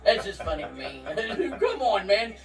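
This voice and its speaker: In casual storytelling, a male interviewee with a high voice and wildly swooping pitch spins rowdy tales a little slowly, swearing freely and laughing through them. The mic is distant, with faint music.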